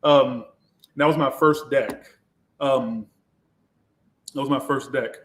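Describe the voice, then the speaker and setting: A man's voice: medium pitch, fairly even intonation, takes it slowly. A man, a tarot reader from Georgia, telling his own story in a candid, reflective way with some swearing. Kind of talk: casual personal storytelling.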